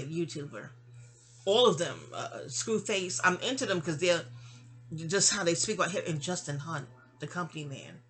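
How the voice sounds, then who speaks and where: A woman's voice: deep voice, a bit bright. Middle-aged woman vlogger, casual storytelling, rambling and digressive, recorded on a phone at home. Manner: rambling, digressive and chatty, with asides.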